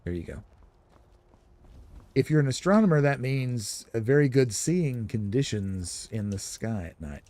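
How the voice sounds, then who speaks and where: A man's voice: mid-range voice, very animated, measured pace, dark tone, dry recording. A man giving casual, rambling commentary while streaming a video game. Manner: chatty, rambling, explanatory. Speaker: gaming streamer.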